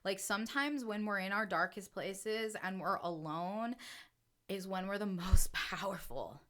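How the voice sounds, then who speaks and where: A woman's voice: medium pitch, measured pace, fairly bright tone. A woman who calls herself a channel, speaking earnestly in repeated affirmations on a spiritual talk show. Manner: earnest, repetitive affirmations, sometimes laughing. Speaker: spiritual channel and podcast host. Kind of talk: emotional motivational talk.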